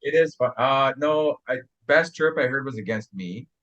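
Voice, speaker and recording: A man's voice: mid-range voice, lively intonation, moderate pace, fairly bright tone. A man and former hockey player, a guest on a podcast, telling stories in a laid-back, easygoing way. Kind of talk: casual storytelling chat. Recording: slightly dull, muffled audio.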